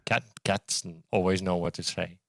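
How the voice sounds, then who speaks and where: A man's voice: sits low, steady tone, normal speed, gravelly, no echo. A man co-hosting a live chat show, chiming in with short dry quips in a laid-back way. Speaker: co-host. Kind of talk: casual chat.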